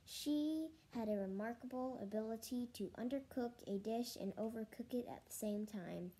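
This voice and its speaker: A woman's voice: on the high side, normal speed, mellow, rough recording. A woman reading a children's story aloud, with slips and restarts.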